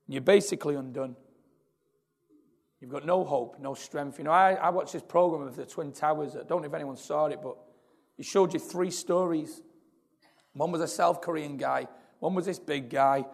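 Male preacher, slightly high gravelly voice, earnest and building, church reverb. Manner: earnest, repetitive, building in intensity. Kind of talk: sermon. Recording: long hall reverb.

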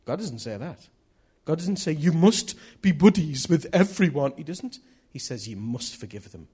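A man's voice: a little high, sing-song, moderate pace, warm tone, slightly rough. A man preaching a sermon in a chatty, jokey way, laughing at himself as he tells stories.

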